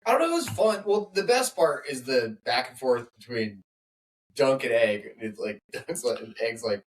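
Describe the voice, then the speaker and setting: Podcast guest, mid-pitched, a bit far from the mic, quick eager interjections. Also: animated. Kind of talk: casual chat about a TV episode.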